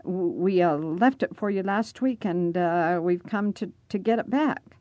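A woman's voice: fairly low pitch, unhurried, a little mellow, dry recording, dull audio, natural voice. A woman voicing a nervous young boy who stammers and hesitates in a storybook reading.

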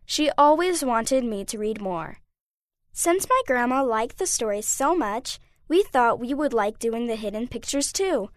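High-voiced woman reading aloud. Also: lively intonation, measured pace, no room sound, studio quality. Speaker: reader. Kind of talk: reading a children's letter aloud.

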